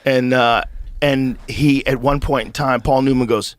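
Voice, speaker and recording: Man, podcast host, casual profane storyteller, mid pitch, dry close sound. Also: a little slow, no room sound. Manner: profane, animated storyteller who acts out quotes.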